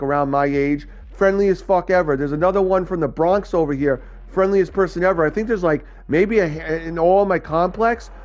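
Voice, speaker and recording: Casual talker, man from New York, a touch high-pitched, swears freely, faint music underneath. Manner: rambling, profane storytelling. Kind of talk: casual chat.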